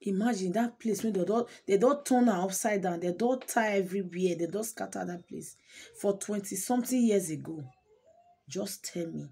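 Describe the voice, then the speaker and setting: Husky Nigerian woman telling a story. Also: medium pitch, moderate pace, warm tone. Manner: emotive, repeats words for emphasis, mixes Pidgin and English. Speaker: channel host. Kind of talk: casual storytelling vlog.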